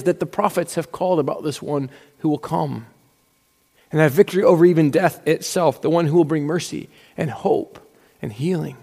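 A man's voice: high voice, warm tone. A man preaching a sermon in a conversational, storytelling way, acting out little asides as he goes. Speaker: pastor. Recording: long hall reverb.

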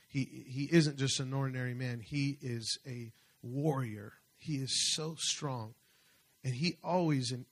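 A man preaching a sermon as pastor, fervent, slowing and swelling as he reads scripture. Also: medium pitch, a bit bright.

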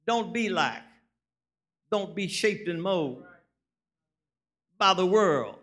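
Guy in his 60s preaching slow, folksy stories then fired up, kinda high voice. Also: big pitch swings, sharp tone. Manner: folksy storytelling, rising to emphatic preaching. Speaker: guest preacher. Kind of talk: sermon.

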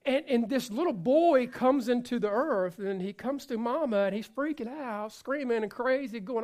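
A man's voice: extremely high pitch, moderate pace, few pauses. Impassioned male preacher. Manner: impassioned, swinging from loud exhortation to soft asides; repeats phrases for emphasis, jokes with the congregation. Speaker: pastor. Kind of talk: sermon.

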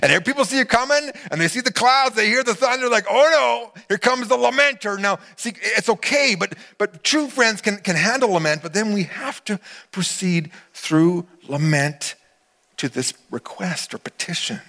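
Animated man preaching a sermon. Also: high-pitched, moderate pace. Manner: animated, acts out quotes, swings between loud and hushed. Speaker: pastor.

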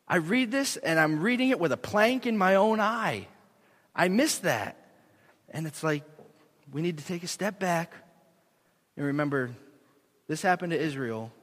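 A young man preaching a sermon in a church, earnest and animated, poking fun at himself. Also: sits high. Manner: earnest, animated, self-deprecating. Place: church sanctuary. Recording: long echo of a large hall.

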